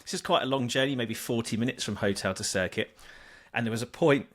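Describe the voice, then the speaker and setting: A man's voice: mid-range voice, quick pace, a bit bright. A man guesting on a podcast, telling an anecdote animatedly with fillers and laughs. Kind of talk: casual chat, storytelling.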